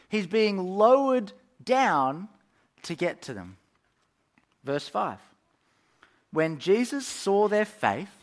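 Lively man preaching. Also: on the high side. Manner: animated storytelling with frequent fillers. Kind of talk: sermon.

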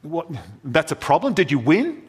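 A preacher putting on a loud blunt Maori workman. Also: very animated, moderate pace, slightly rough. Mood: puzzled. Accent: Maori New Zealand. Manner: loud, high, blunt and direct. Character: tough Maori construction worker man, blunt.

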